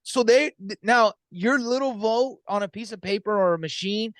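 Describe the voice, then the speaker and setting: A man's voice: high voice, moderate pace, no echo. A man co-hosting a podcast, talking earnestly in casual chat and telling stories with acted-out quotes. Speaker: podcast co-host.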